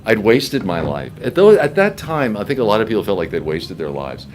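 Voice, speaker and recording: A man's voice: on the low side, fairly quick, slight background noise. An older man, a voice actor, telling a long story in a convention interview and acting out the people he quotes. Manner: animated storyteller who acts out quoted voices. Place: convention press room.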